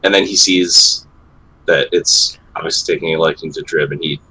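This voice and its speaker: Deep, husky-voiced man, halting player. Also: steady tone, bright, forceful tone, low-quality recording. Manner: hesitant, many fillers and restarts. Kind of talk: casual in-character description.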